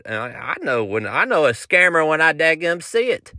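A man's voice: on the high side, lively intonation, fairly quick, hardly any pauses, pushed and bright, dry recording, studio quality. A man with a Southern US accent, hosting a podcast and telling a joking, folksy tall tale in a casual storytelling style. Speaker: podcast host, country musician.

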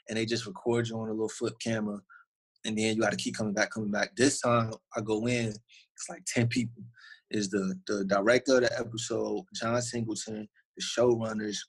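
A young man from Virginia speaks with a relaxed Southern drawl and a husky edge to his voice. He tells his stories loosely, packing in slang and fillers like a guest chatting in an interview. His pitch sits in an everyday middle range. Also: rough recording. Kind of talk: casual interview storytelling.

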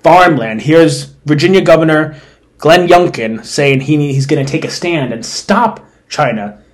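A man's voice: a little high, animated, a little slow. A man hosting an opinion podcast, talking bluntly and sarcastically with open indignation. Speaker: podcast host. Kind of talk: opinion commentary.

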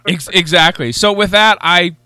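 Male host, mid pitch, smooth and resonant, animated storyteller, dry close sound. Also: normal speed, dry recording. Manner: animated storytelling with restarts and laughter. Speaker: podcast host. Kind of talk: casual interview chat.

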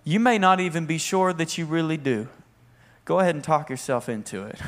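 A young man preaches a sermon in an energetic, conversational way. His voice sits on the higher side for a man, and he keeps drawing the congregation into call-and-response. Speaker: worship leader and preacher.

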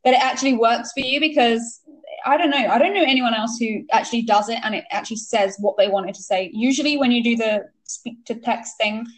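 An English woman hosting a podcast, chatty and quick to laugh. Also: fairly high pitch, rough recording. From England. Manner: giggly, chatty. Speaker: podcast host. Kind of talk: casual chat.

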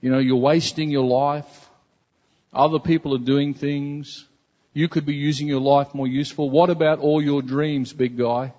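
Male pastor, slightly high husky voice, earnest conversational sermon, dull echoing hall recording. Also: steady tone, moderate pace, warm tone. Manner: earnest, conversational preaching with repetitions.

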